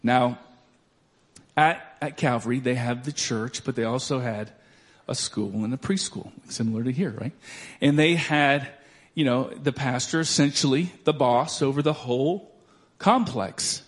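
A man preaching a sermon, swinging from loud declarations to soft storytelling. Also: medium pitch, measured pace. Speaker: pastor.

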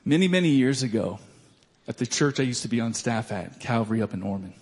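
A man preaching a sermon, swinging from loud declarations to soft storytelling. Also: mid-range voice, lively intonation, brisk. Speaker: pastor.

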